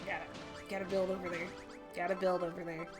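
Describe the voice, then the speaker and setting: A woman's voice: lowish voice, flat delivery, quick pace. A young woman streamer giving casual gameplay commentary, joking and swearing to herself as she plays. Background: game music.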